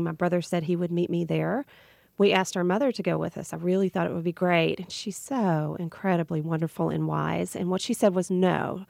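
A woman's voice: on the low side, vocal fry, darkish tone, no room sound. A woman with a Southern US accent, a radio interview guest telling a personal story earnestly and reflectively. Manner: earnest, reflective, with small restarts.

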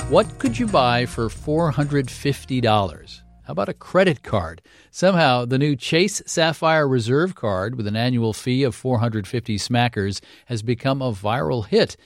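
A man hosting a radio business news update, with a brisk, wry delivery. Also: mid-range voice, expressive, dry recording, soft background music. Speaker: news host.

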